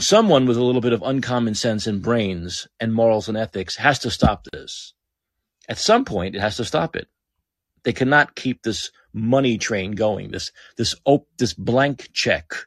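Heated, husky-voiced male podcast host. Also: medium pitch, lively intonation, moderate pace, no echo, studio quality. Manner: heated, blunt, swears, repeats phrases for emphasis. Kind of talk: political commentary rant.

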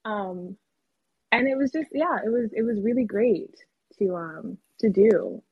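A woman's voice: medium pitch, animated, a little slow, husky, no echo. A woman actor talking candidly in a casual podcast interview, using slang and laughing often. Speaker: actor guest. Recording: phone-like call audio.

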